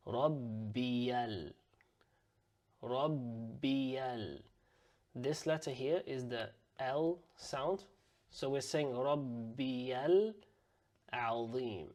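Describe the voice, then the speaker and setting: A man's voice: medium pitch, darkish tone. Man teaching careful pronunciation. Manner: patient, demonstrates sounds slowly and repeats them. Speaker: Arabic and Quran teacher. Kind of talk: pronunciation lesson.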